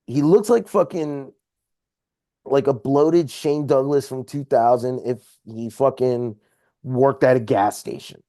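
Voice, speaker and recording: A man's voice: medium pitch, slow, mellow, no echo, studio quality. A man telling a heated story about a confrontation with lots of swearing, speaking casually as a podcast guest. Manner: profane, heated retelling of a confrontation. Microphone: podcast microphone.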